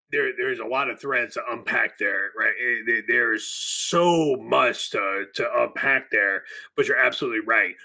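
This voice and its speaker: A man's voice: mid-range voice, pushed and bright. A man co-hosting a podcast, talking emphatically and often checking in with "right?". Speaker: podcast co-host. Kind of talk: political podcast chat.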